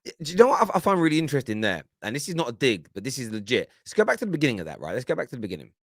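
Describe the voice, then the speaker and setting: A man's voice: mid-range voice, sing-song, very fast, no echo, clean studio sound. A man hosting a football reaction show, teasing and laughing as he talks over clips and often restarts his phrases. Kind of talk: animated reaction commentary.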